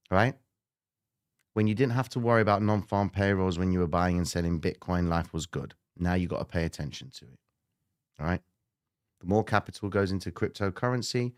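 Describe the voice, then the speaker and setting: A male trading show host answering questions in a blunt, swearing rant that jumps from low muttering to loud outbursts. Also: clean tone, no echo, studio quality. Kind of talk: live trading Q&A, animated rant.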